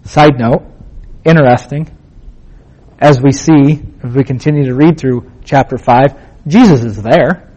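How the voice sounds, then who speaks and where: A man's voice: medium pitch, measured pace, long pauses, mellow, husky, highs cut off. A man teaching a Bible passage in a casual sermon, asking rhetorical questions and repeating points for emphasis in plain, conversational words.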